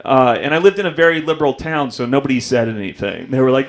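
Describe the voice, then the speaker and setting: A man's voice: quick pace, hardly any pauses. Young man telling stand-up stories. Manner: storytelling, acts out voices with big pitch jumps. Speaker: stand-up comedian. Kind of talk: stand-up comedy set. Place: comedy club stage.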